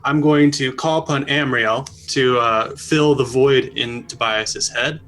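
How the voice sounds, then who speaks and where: A man playing a tabletop game, calmly explaining the prayer he casts. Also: medium pitch, a little slow, slight background noise. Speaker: player. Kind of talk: casual tabletop play.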